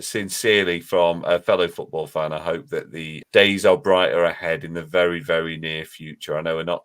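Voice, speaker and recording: A man's voice: sits low, fairly bright tone. A man hosting a football podcast, chatting with guests over a call and then recording an earnest outro. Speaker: podcast host. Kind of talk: casual podcast chat and outro. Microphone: remote call.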